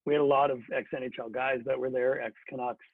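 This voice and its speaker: A man's voice: medium pitch, flat delivery, fairly quick, dry recording. A middle-aged man who is a former hockey player, telling a story in a chatty, casual way with many fillers and restarts. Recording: dry phone-like sound.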